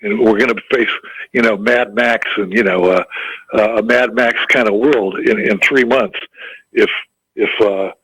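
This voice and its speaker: A man's voice: lowish voice, steady tone, unhurried, fairly bright tone, breathy edge, poor audio. A man calling in to a talk radio show, speaking casually with frequent stumbling restarts. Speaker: caller. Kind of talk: casual call-in chat.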